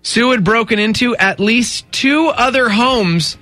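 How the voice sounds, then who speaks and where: A man's voice: extremely high pitch, a little slow, sharp tone, no room sound, soft background music. A man hosting a morning radio show, chatting casually in a wry, joking way.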